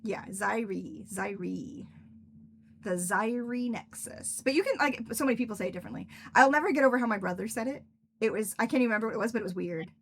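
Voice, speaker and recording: A woman's voice: on the high side, lively intonation, very fast, slight background noise. A young woman, an author, chatting casually and rambling on a livestream, laughing often. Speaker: author and streamer.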